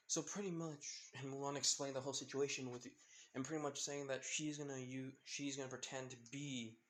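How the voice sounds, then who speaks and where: A man's voice: medium pitch, fairly bright tone, slight background noise. A man casually retelling a fan-made story in a rambling way, with lots of fillers and restarts.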